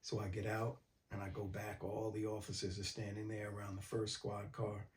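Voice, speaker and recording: A man from mid-state New York, calmly recounting a personal story in a documentary interview. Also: on the low side, moderate pace.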